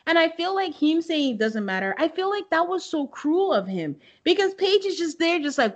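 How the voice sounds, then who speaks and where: A young woman co-hosting a podcast, recapping a reality show in a casual, animated way and acting out quotes with laughs. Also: extremely high pitch, moderate pace, hardly any pauses. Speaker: podcast co-host.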